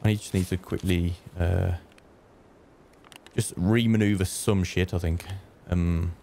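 Casting note: man, low voice, casual gameplay streamer, swears a lot, light hiss behind. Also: takes it slowly, creaky. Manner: mutters to himself, swears, sudden high-pitched excited yelps.

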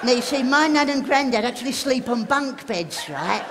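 Squeaky high-voiced comedian man. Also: lively intonation, moderate pace. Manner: giggly, breaks into laughter, teases the audience. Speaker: stand-up comedian. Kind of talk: live stand-up prop comedy. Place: theatre stage before a live audience. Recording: live show with loud audience laughter and noise.

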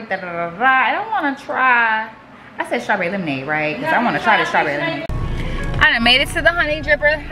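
A woman vlogging in casual chat, telling stories. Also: fairly high pitch. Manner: animated storytelling with laughs and squeals.

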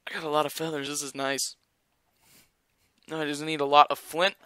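A man's voice: a little high, little pitch movement, fairly quick, bright, forceful tone, clean tone, dry recording. A young man rambling through casual gameplay commentary as a gaming YouTuber, joking and talking straight to his viewers. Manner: rambling, jokey, talks to viewers.

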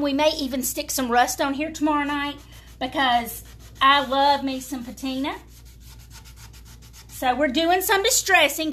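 Pitched high and a bit bright, this woman carries a Southern US accent and comes from the American South. She's doing a live furniture-painting demo, talking to her audience in a chatty, folksy way.

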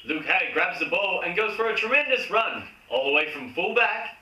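A man's voice: high-pitched, very animated, normal speed, pushed and bright. An Australian man hosting a comic football recap, reading the match summary in a mock-formal commentator tone. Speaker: host. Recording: roomy room, distant mic.

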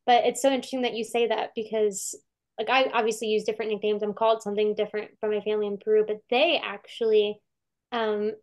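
A woman's voice: mid-range voice, level tone, quick pace. A woman curator chatting casually about a film over a video call, talking with many fillers and restarts and acting out quotes.

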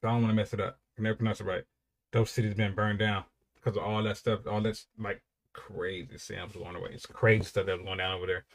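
Young guy with a lowish voice, chatting loose and rambly about a track, keeps saying it's good. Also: flat delivery, fast talker. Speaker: music reaction host. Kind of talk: casual reaction commentary.

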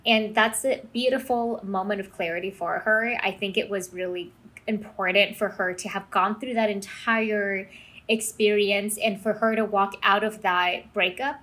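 A woman's voice: medium pitch, fairly even intonation, normal speed, a bit bright, low-quality recording. Reflective woman in casual podcast chat. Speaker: podcast co-host.

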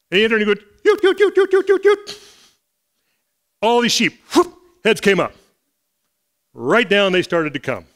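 A man with a notably high voice delivers a church sermon. He speaks earnestly and conversationally, reading scripture and explaining it to the congregation. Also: bright, forceful tone. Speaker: preacher. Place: church service.

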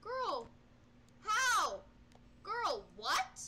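Panicky high-voiced woman gamer. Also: expressive, a little slow, pushed and bright. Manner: panicky, yelps and repeats no over and over; self-mocking, talks to the game's characters. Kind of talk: live reactions while playing a horror game.

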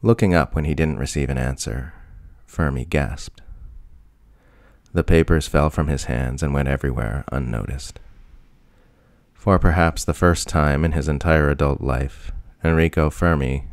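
A man narrating a short story in a measured, even manner. His voice is extremely deep, and the recording is dry, close and free of room sound. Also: no echo. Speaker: audiobook reader.

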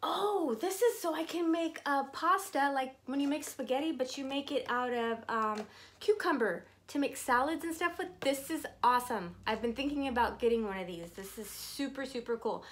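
A woman's voice: high-pitched, normal speed. A woman in her fifties unboxing gifts on a vlog, gushing and laughing often as she talks. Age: 50s. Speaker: vlogger. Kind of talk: casual unboxing chat.

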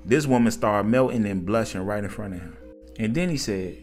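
A man narrating a casual story in a conversational, slangy, animated way. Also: fairly low pitch, brisk, faint music behind.

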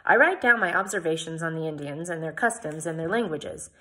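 A woman voicing an enthusiastic, jolly male gentleman scholar in a read-aloud storybook, speaking eagerly. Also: low-pitched, expressive, brisk.

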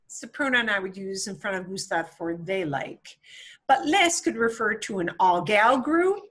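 A woman's voice: medium pitch, animated, normal speed, fairly bright tone. A woman teaching a beginner Spanish class, explaining patiently with playful comparisons.

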